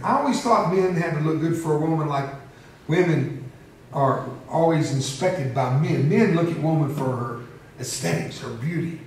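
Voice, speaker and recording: A man in his seventies tells a story to a crowd, mixing jokes with emotion and laughing often. His voice sits a little high for a man. It rings through a large echoey hall, picked up from a distance with faint ambience behind. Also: normal speed, a little mellow, slight background noise. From United States. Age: 70s. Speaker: motivational speaker. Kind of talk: storytelling speech to an audience.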